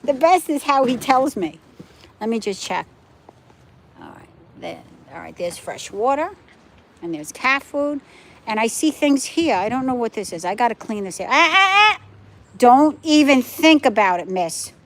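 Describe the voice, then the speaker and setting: A woman's voice: on the high side, lively intonation, moderate pace, long pauses, slight background noise. A woman hosting a casual live stream from her phone at home, chatting with viewers and her dogs, firm when she answers comments. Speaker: livestream host.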